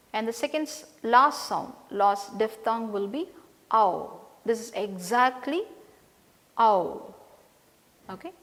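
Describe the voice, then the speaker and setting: A woman teaching English pronunciation in a slow, measured way, saying each sound and word list twice. Her voice sits a little high, and a long reverb trails after her words. She keeps checking in with "right?" as she goes. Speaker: English lecturer. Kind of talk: slow, deliberate pronunciation lesson.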